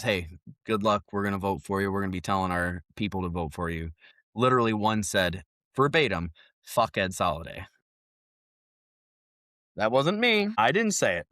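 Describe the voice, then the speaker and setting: A man who is a political candidate, telling stories in casual podcast chat, animated and profane, acting out what people said. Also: lowish voice, no echo, clean studio sound.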